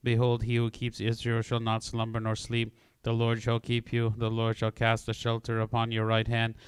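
Male prayer reader, monotone liturgical recitation, very clear dry voice. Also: medium pitch, no room sound. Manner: level, measured recitation. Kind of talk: liturgical reading and chant.

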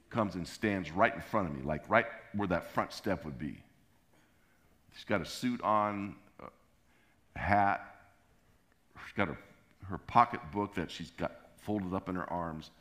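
Middle-aged man telling a lively sermon story. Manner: animated, acts out scenes and sounds with pitch jumps. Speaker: pastor.

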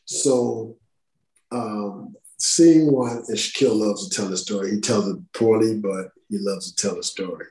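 A man, a podcast guest who is an actor, telling stories in a casual, profane, animated way and acting out quotes. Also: on the low side, unhurried. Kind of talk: casual storytelling interview. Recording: roomy echo.

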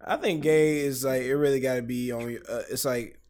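A man from Detroit with a Detroit accent co-hosting a podcast, telling stories in casual banter, often quiet and low, then bursting louder. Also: steady tone, brisk. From Detroit, Michigan. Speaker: podcast co-host.

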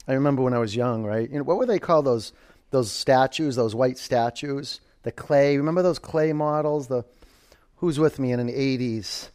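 A man's voice: medium pitch, moderate pace, darkish tone, clear, resonant tone. A man in his forties teaching a live yoga class, giving cues and counts with chatty, joking asides. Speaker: yoga instructor.

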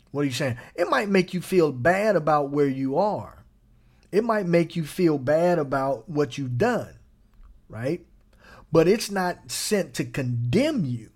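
A man pastor preaching a sermon in a lively, playful way, breaking into chuckles and quick asides. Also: on the high side.

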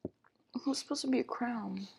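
A woman's voice: fairly high pitch, moderate pace, creaky, darkish tone, husky. A young woman co-hosting a podcast, chatting casually and teasing her friend in a playful way. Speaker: podcast co-host. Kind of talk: casual chat.

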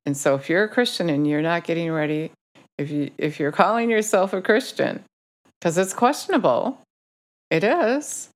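A woman's voice: lowish voice, expressive, normal speed. A woman giving an informal sermon, urging listeners with pointed rhetorical questions. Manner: urgent, exhorting, rhetorical questions. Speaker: preacher.

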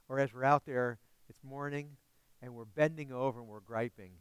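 A man's voice: mid-range voice, steady tone, normal speed, smooth, no echo. A man preaching a sermon as pastor, earnest and often asking his listeners questions.

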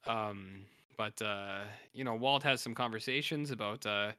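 A man with a bright, tense voice retells a film's plot for a podcast, chatting casually and now and then putting on quick voices for its characters. The sound is dry and close, with no room around it. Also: fairly low pitch, smooth, dry recording. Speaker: podcast co-host. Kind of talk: casual film recap chat.

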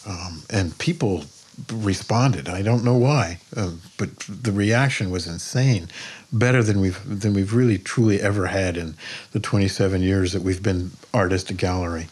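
An older man, a painter, talking in a podcast interview as a plainspoken, lively storyteller who swears freely. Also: low voice, moderate pace, husky. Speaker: painter guest.

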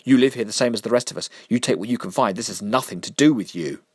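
A man reading a story aloud, voicing a flustered, defensive older gentleman who stammers and snaps back. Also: fairly low pitch, normal speed, dry recording, studio quality, lightly acted. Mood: indignant. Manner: pleading then indignant, stammering.

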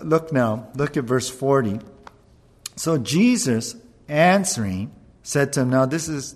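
A man preaching a conversational sermon, animated and often checking in with the listeners. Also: medium pitch, long reverb tail. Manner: conversational, animated, keeps asking "right?". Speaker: pastor.

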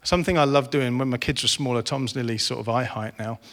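A man's voice: medium pitch, fairly even intonation, fast talker, a bit bright. Earnest preacher man in an echoing hall. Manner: earnest, builds to impassioned. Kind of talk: sermon. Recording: reverberant hall.

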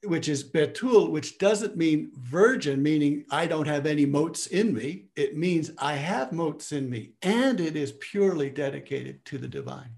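A man's voice: a little high, measured pace, gravelly, few pauses, darkish tone. A man teaching in a lecture with questions from listeners, often restarting his phrases as he searches for words.

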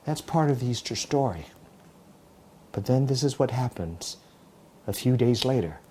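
Mellow-voiced male pastor telling a story. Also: mid-range voice, expressive, normal speed, a little hiss or hum. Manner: storytelling, dramatic retelling with many restarts. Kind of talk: sermon.

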